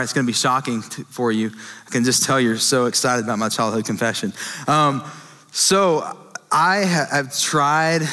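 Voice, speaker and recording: Joking young pastor in a hall. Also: male voice, medium pitch, sharp tone. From Texas. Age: 20s. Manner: joking, self-deprecating, talks to the crowd. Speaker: young adult ministry pastor. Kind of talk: casual sermon to a live group. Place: church meeting hall. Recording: reverberant hall.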